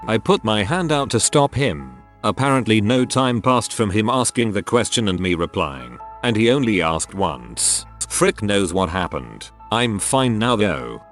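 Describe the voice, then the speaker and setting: A man narrates stories sent in by readers. His voice sits low, and his delivery moves up and down with lively intonation. He keeps a steady storytelling rhythm over quiet background music. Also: measured pace, hardly any pauses. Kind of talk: scripted narration.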